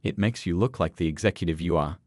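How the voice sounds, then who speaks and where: A man's voice: sits low, fast, darkish tone, dry recording. Guy reading encouraging girlfriend type, raised a bit, dry. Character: confident supportive woman, partner.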